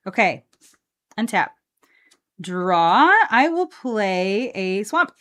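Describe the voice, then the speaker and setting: A woman's voice: mid-range voice, very animated, very slow, a bit bright. A woman hosting a live card game stream, chatting casually and upbeat with lots of fillers while she plays.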